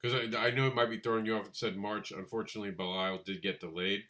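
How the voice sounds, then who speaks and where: Animated man co-hosting a comics chat. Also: fast talker. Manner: animated, laughs, mimics others in a high voice. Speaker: podcast co-host. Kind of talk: casual chat about crowdfunding comics.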